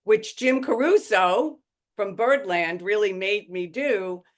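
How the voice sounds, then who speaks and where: A woman with a New York accent, a stage actress telling stories as a podcast guest in a lively, playful, theatrical way. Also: mid-range voice, slow. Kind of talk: casual podcast chat.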